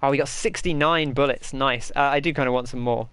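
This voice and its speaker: A man's voice: mid-range voice, fairly quick, fairly bright tone, smooth, no room sound. A man giving chatty, rambling gameplay commentary and answering his chat as he plays. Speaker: gaming host.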